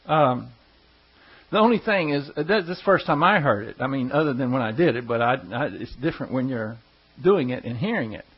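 A pastor spins rambling, folksy stories for his congregation, dropping in chuckling asides. His medium-pitched voice is animated, brisk and slightly rough, captured on a dull lo-fi recording.

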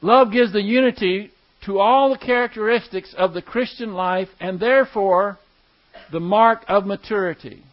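Male pastor, high voice, emphatic teaching sermon, muffled lo-fi sound. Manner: teaching, emphatic with slow stressed words.

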